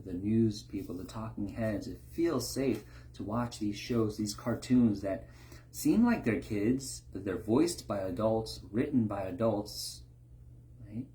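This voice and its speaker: A man's voice: lowish voice, dark tone. A man giving an informal sermon, often tagging his points with a rhetorical question. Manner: rhetorical, keeps asking "right?". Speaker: preacher.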